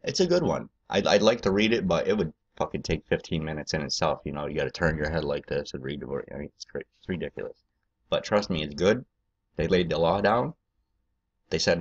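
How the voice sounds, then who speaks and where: Deep-voiced man ranting profanely. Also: animated, fairly quick, breathy edge, lo-fi sound. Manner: angry, profane, rambling. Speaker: political video host.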